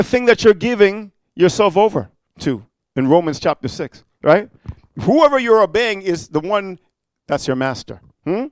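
Guy preaching hard, highish voice, lots of amen and huh, goes quiet then loud, dry sound. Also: big pitch swings, measured pace, no room sound. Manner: emphatic, peppered with "amen" and "huh?"; swings from quiet asides to loud declarations. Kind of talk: fiery evangelistic sermon.

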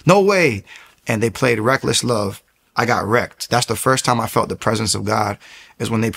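A man's voice: lowish voice, creaky. A man earnestly telling his personal faith testimony, acting out the people in his story. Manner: earnest, acts out quoted people in lively bursts. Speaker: speaker sharing a testimony.

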